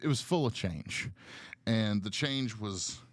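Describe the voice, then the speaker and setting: A man with a low voice tells a meandering story in casual podcast chat, cursing freely and laughing along the way. The sound is dry and close, with no room around it. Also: animated, slow, dry recording. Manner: rambling, profane, laughs often. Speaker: guest comedian.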